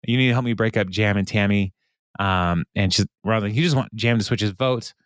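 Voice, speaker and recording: Recapping a TV sitcom episode scene by scene, this man on a casual podcast speaks a little fast in a fairly low, clean voice and keeps laughing as he quotes the lines. The audio is dry and close, without room around it.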